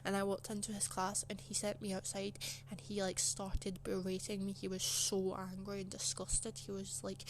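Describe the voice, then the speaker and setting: A young woman telling a personal story in a casual, rambling way, soft and emotional, with lots of fillers. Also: mid-range voice, monotone, normal speed, few pauses, slight background noise. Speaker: channel host.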